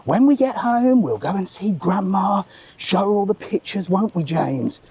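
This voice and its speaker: A man putting on the voice of a loud, doting mother who talks to her child so everyone can hear. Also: high voice, expressive, moderate pace, breathy edge, voice pushed up, heavily acted. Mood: gushing. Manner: sing-song, loud, showy.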